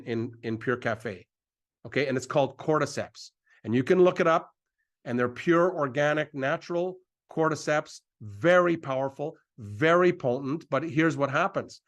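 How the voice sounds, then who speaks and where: A middle-aged man hosting a live presentation, delivering an excitable, repetitive sales pitch and hyping himself up as he goes.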